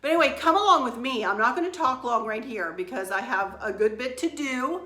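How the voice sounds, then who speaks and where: A middle-aged craft channel host talks through a tutorial from a room at home in a chatty, rambling, upbeat way. Her voice is fairly high, animated, bright, and forceful, and she speaks fairly quickly. The audio is roomy, with faint background noise.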